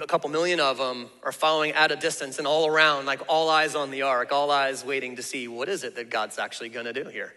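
A man preaching in a loose, animated, conversational way. His voice sits a little high and rings very bright. The sound carries a long reverb from a large church auditorium. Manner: conversational, animated, with fillers and asides. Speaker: pastor. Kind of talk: sermon.

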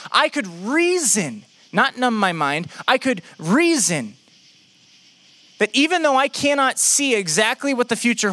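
Young male preacher, high and bright voice, lively delivery, acts out inner voices and talks straight to the crowd. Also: no room sound. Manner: animated, acts out imagined prayers and quotes; addresses the congregation directly with joking asides. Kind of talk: sermon.

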